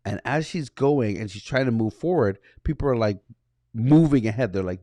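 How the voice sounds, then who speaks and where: A man co-hosting a podcast, telling a personal story in a casual way and acting out the dialogue with animated energy. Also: medium pitch, moderate pace, no room sound. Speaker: podcast co-host.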